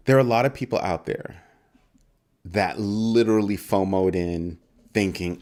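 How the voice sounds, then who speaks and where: A man's voice: sits low, measured pace, darkish tone. A man hosting a casual crypto livestream, greeting viewers in chat by name and teasing them playfully. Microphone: desk microphone.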